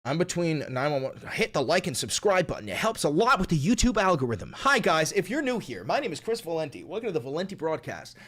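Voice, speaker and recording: A man's voice: a little high, sing-song, quick pace, hardly any pauses, a bit bright. A man hosting a casual livestream, reading viewer comments and joking and swearing between bits of silly voices. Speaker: livestream host.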